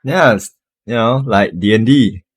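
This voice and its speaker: Low-voiced dude on a group call, candid, kinda rambly. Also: male voice, measured pace, slightly rough. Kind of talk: casual chat.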